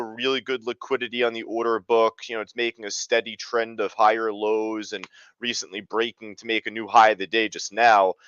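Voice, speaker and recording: A man's voice: medium pitch, a bit bright, no echo, lo-fi sound. Chatty man hosting live trading. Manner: casual, chatty, many fillers. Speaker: trading room host. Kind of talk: live trading webinar commentary.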